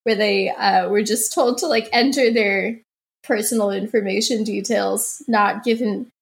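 A woman's voice: medium pitch, fairly even intonation, measured pace, gravelly. A woman co-hosting a casual comedy podcast, joking and reading out news items. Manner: joking, reads quotes in mock voices. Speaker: podcast co-host.

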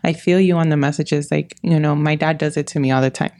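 A woman hosts a podcast in relaxed interview chat, her voice very low with a gravelly fry. She affirms her guest warmly and talks loosely, leaning on "like" and "you know". The exchange feels like easy conversation. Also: fast talker. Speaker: podcast host.

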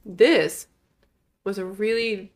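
A woman's voice: mid-range voice, fairly even intonation, takes it slowly. A woman co-hosting a podcast, chatting casually about a movie. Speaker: podcast co-host. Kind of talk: casual chat reviewing a movie.

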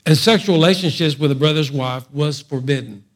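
A man preaching a sermon in an animated storytelling style, mixing humor and asides to the congregation. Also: fairly high pitch, brisk.

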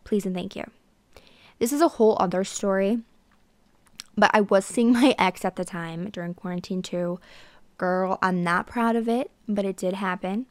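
A woman in her twenties hosts a podcast, delivering a casual, sarcastic monologue straight to her listeners. Her voice is medium-pitched at a moderate pace, in a dry recording.

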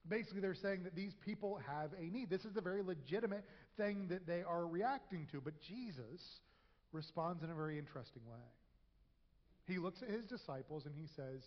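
A man with a high voice preaches a conversational sermon and now and then acts out quoted voices with humor. His voice rings through a church hall with a long echo. The recording sounds dull and lo-fi. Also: animated, fairly quick. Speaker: pastor. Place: church sanctuary.

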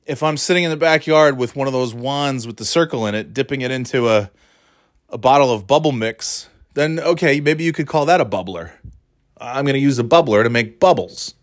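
A man's voice: mid-range voice, no room sound. Rambling self-mocking man, dry sound. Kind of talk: casual rambling monologue.

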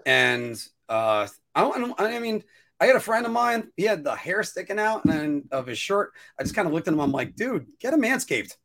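A man co-hosting a casual podcast chat, rambling and restarting his sentences, now and then jumping up into a high-pitched whine. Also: fairly quick, vocal fry. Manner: rambling, self-interrupting, animated with sudden high-pitched whining bursts. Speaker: podcast co-host.

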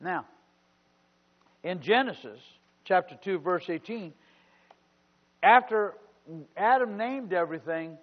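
A man's voice: high-pitched, lively intonation, slow, long pauses, in a large hall. A man preaching a sermon as pastor, calling out to his congregation. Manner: preaching with call-outs to the congregation. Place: church. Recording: dull lo-fi sermon recording.

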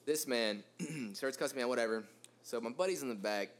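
A man in his twenties telling a rambling, animated story in casual podcast chat, full of fillers. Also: medium pitch, a little fast. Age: 20s. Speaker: podcast host.

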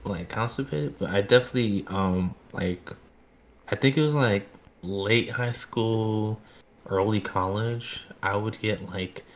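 This is a man co-hosting a podcast in casual conversation, his voice lowish and his pace a little slow. He tells meandering stories packed with filler words.

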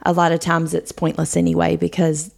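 A woman co-hosting a podcast in casual conversation, thoughtfully talking ideas through and laughing softly now and then. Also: on the low side, monotone, a little fast, vocal fry. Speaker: podcast co-host. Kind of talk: casual chat.

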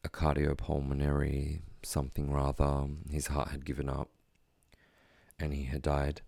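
A man telling a personal story in a quiet, halting, reflective way, with many pauses and fillers. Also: very deep voice, monotone, vocal fry, dry recording.

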